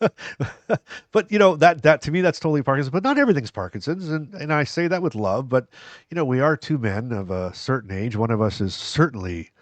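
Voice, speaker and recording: A man's voice: mid-range voice, animated, fairly quick, no echo. A man co-hosting a podcast in casual chat, a rambling storyteller who laughs often. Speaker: podcast co-host. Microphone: headphones and studio mic.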